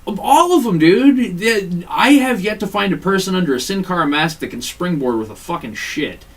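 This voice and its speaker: Animated, profane man on a distant mic. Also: sits high, moderate pace. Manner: profane, animated, mimics voices mid-story. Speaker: podcast co-host. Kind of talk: casual chat. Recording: distant mic, faint room noise.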